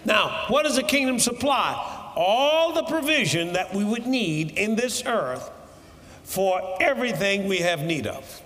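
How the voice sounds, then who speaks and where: Animated preacher, bright and high. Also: male voice, unhurried, big-room sound. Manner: animated preaching with sudden shouted bursts. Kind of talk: sermon.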